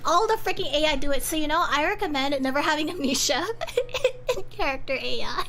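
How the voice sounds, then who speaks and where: A young woman streaming and chatting casually, rambling and animated, with frequent laughter. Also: high voice, a little fast, faint music behind. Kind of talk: casual chat.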